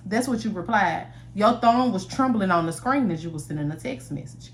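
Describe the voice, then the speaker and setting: A woman's voice: mid-range voice, lively intonation, brisk, few pauses. A woman storyteller giving a casual, chatty storytime narration straight to the camera, swearing freely as she talks to viewers. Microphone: camera mic, recorded to camera.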